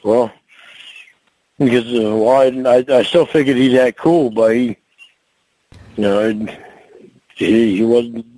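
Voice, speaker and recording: This trucker's mellow, medium-pitched voice is steady and slow, with frequent pauses, captured on a low-quality recording without echo. Arguing heatedly at home, he curses constantly, rambles, and keeps stumbling and restarting.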